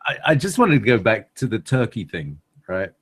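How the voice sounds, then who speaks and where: A man's voice: lowish voice, big pitch swings, normal speed, fairly bright tone, slightly rough. A man, co-hosting a radio chat. He rambles playfully, with many fillers and laughs. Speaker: co-host.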